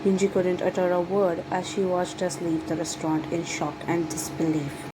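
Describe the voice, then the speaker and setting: A woman reading a first-person romance story aloud in a dramatic, lovestruck manner, over steady background noise. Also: lowish voice, normal speed. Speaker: fan fiction reader.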